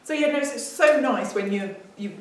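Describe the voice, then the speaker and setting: A woman's voice: a little high, animated, moderate pace, a little hiss or hum. Teasing English woman, echoey and distant. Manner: dry, teasing, giggly. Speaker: podcast co-host. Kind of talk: casual chat. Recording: echoey room, distant mic.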